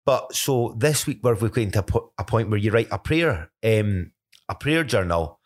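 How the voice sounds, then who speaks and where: A man's voice: lowish voice, expressive, moderate pace. Rambling Scottish man sharing faith stories. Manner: rambling, many restarts and self-corrections. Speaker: podcast co-host. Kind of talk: casual faith testimony chat.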